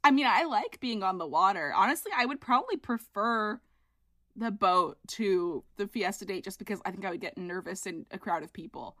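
A woman's voice: mid-range voice, animated, normal speed, sharp tone, no room sound. A woman co-hosting a podcast, chatting casually with laid-back, dry asides. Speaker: podcast co-host. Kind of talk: casual recap chat.

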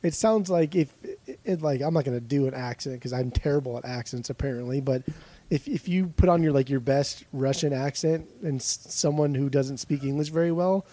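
A man's voice: mid-range voice, fairly quick, mellow. A man chatting casually about records, telling rambling stories, swearing easily and laughing often. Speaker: podcast co-host.

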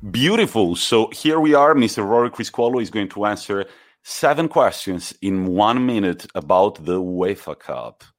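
A man's voice: lowish voice, lively intonation, normal speed. Hesitant, teasing man. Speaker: podcast co-host and quizmaster. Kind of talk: casual football podcast chat.

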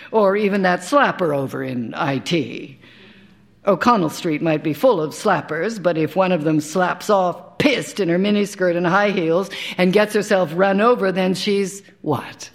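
A woman, an actor, giving a live dramatic reading of a first-person short story, in a wry, conversational way with dry asides. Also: on the low side. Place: live stage performance.

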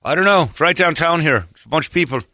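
A man's voice: fairly high pitch, quick pace, bright, forceful tone, dry recording, clean studio sound, pitched above the performer's own voice. A man voicing his old male boxing trainer, a wheedling talker always begging for money. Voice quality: pleading, wheedling.

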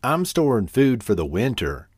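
A man's voice: medium pitch, big pitch swings, normal speed, slightly rough, dry recording, studio quality. A man voicing an earnest, hardworking male ant in a storybook reading, firm and matter-of-fact.

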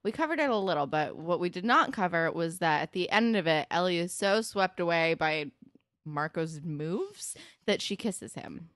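A woman's voice: lowish voice, animated, normal speed, a bit bright, no room sound, studio quality. A young woman co-hosting a casual recap chat, candid and blunt, swearing when annoyed. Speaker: podcast co-host.

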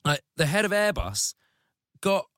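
A man's voice: high-pitched, sing-song, unhurried, bright, forceful tone, no echo. A man in casual comedic podcast chat, ranting sardonically with crude, vivid insults.

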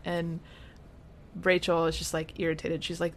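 A woman on a podcast, walking through an episode scene by scene in a relaxed, chatty way. Her voice sits a little low, with a faint hum of room noise behind her. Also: unhurried. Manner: chatty retelling, acts out quotes. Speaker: podcast co-host. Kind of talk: casual recap chat.

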